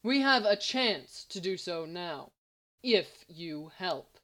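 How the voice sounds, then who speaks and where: A woman's voice: fairly low pitch, animated, slow pace, a bit bright. A woman reading the lines of a smug, scheming male villain in a confident, lecturing manner. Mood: calm.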